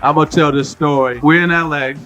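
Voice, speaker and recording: A man giving an animated storytelling speech as a retired player paying tribute, stretching words out for emphasis. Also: fairly high pitch. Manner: lively, drawn-out emphasis, jokes with the crowd. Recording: archive clip with faint music behind.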